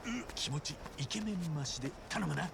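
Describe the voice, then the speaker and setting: An actor playing a brash, cheerful young man who trades rough, boisterous banter in a video game cutscene. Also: a little high, lively intonation, rapid-fire, background noise. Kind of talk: Japanese video game voice acting. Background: game music.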